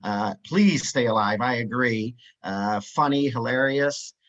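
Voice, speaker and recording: A man's voice: mid-range voice, a little slow, fairly bright tone, lo-fi sound. A man presenting a live webinar, upbeat and chatty, reading out chat replies with many "uh" fillers.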